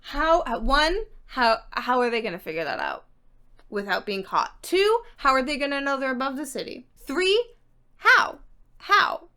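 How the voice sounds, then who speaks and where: An excitable woman vlogger recaps a book in casual chat. Her voice sits high and sounds bright and forward. She is emphatic and swears offhandedly as she talks. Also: normal speed, smooth. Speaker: reading vlogger.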